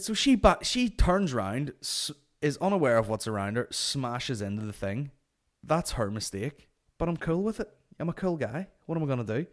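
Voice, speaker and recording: A man hosts a comedy podcast and tells an everyday story as a rant. He swears constantly and sounds animated and exasperated, in a voice of ordinary middle pitch. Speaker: podcast host.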